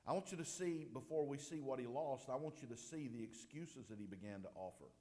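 A man's voice: mid-range voice, dark tone. Emphatic preacher man in a reverberant hall. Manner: emphatic preaching, slows for stress, rises and drops sharply. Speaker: pastor. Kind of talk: sermon.

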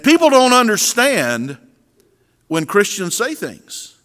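A man's voice: high-pitched, huge pitch swings, unhurried, sharp tone. A middle-aged man preaching an earnest sermon as pastor, often repeating words as he restarts his phrases. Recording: long reverb of a large hall.

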